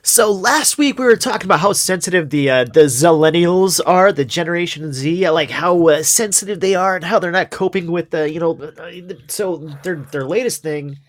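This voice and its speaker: A man co-hosting a casual podcast, working through news items with lots of hesitations and fillers. His voice sits a little high for a man. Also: moderate pace, few pauses. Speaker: podcast co-host. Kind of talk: casual chat.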